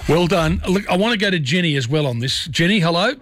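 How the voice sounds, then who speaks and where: A man's voice: a little high, lively intonation, fast talker, very noisy. Chatty talkback host, man. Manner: chatty, encouraging. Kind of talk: talkback radio chat.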